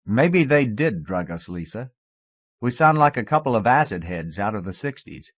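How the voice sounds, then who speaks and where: A man reading an audiobook voices a restless, joking young man, close to his own low reading voice, on a dull cassette recording. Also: very animated, moderate pace, no room sound.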